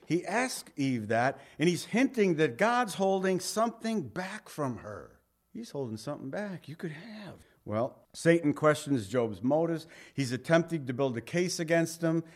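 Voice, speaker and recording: A man with a voice pitched slightly above the usual, delivering a sermon in a relaxed, conversational way. He reads scripture in old-fashioned wording and slips in homespun asides and little jokes between the verses. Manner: conversational Bible teaching with folksy asides and jokes; reads scripture aloud in King James wording. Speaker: pastor.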